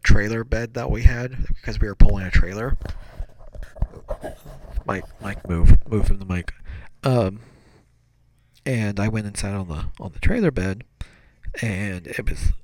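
In a dry recording, a man with a fairly low voice casually recounts a story from his childhood. He rambles, corrects himself along the way, and stays animated throughout.

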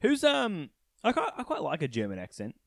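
A man's voice: on the high side, wildly swooping pitch, a little fast, gravelly, no room sound, studio quality. A man co-hosting a casual comedy podcast, retelling a plot eagerly and jumping in often. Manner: chatty, eager storyteller, jumps in often. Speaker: podcast co-host.

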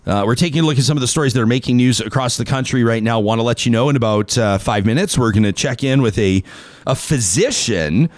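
A man's voice: mid-range voice, quick pace, no echo. A man hosting a talk show, chatting casually in a rambling, self-deprecating and joking way. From Canada. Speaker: radio show host. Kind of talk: casual on-air banter.

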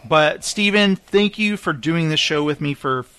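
A man's voice: on the high side, a little slow, clean tone. A man hosting a podcast, chatting casually and acting out movie lines with lots of laughter. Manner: animated storyteller who acts out movie lines and laughs often. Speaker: podcast host. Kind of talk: casual chat.

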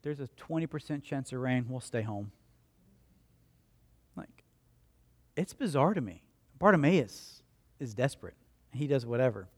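A man's voice: mid-range voice, measured pace, pauses often. A man preaching a sermon as pastor, telling stories in a conversational way and acting out the quotes of the people in them. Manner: animated storytelling, acts out voices and crowd quotes; conversational, asks the congregation questions.

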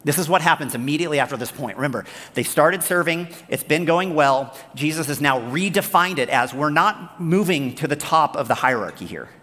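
A man's voice: fairly high pitch, a little fast, few pauses. Pastor guy giving a chatty sermon, voice bounces all over, long echo in a big hall. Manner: animated, conversational, storytelling, acts out the characters.

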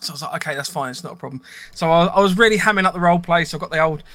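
A man's voice: fairly high pitch, rapid-fire. A man co-hosting a podcast, chatting casually and telling stories against himself. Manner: animated, self-mocking storyteller. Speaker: podcast co-host. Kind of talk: casual chat.

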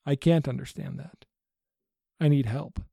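A man's voice: mid-range voice, expressive, unhurried, vocal fry, mellow, husky, dry recording, heavily acted. A man reading the lines of a troubled adult bounty hunter who is pleading and questioning, read aloud fairly plainly.

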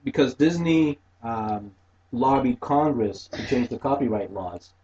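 Mid-pitched male co-host with a wry, explanatory manner, heard on a slightly dull, lo-fi recording. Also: a little slow, dark tone. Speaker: podcast co-host. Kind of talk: casual film review chat.

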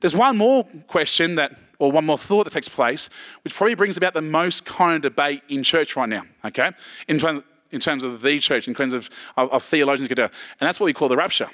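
Australian preacher, middle-aged, chatty and joking, bright forceful tone, slightly high. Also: male voice, brisk. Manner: casual, joking, lots of okays and restarts. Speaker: pastor. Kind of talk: sermon.

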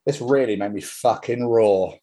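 A young man co-hosting a podcast in casual chat from his flat, excitable and sweary, often laughing. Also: lowish voice, normal speed. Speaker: podcast co-host. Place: hot flat.

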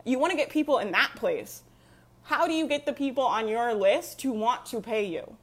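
A woman's voice: fairly high pitch, expressive, normal speed. A young adult woman coaching an online community on a live stream, talking emphatically and repeating herself with frequent laughs. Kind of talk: live stream pep talk.

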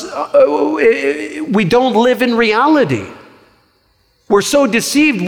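Male pastor, slightly high voice, chatty storytelling sermon, long hall echo. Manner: conversational, animated storytelling with quick asides. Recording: reverberant hall.

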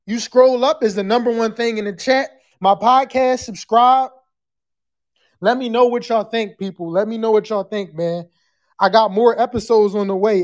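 Loud animated podcast host. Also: medium pitch. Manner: loud, animated, chatty, profane, breaks into screams. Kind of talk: live call-in podcast chat.

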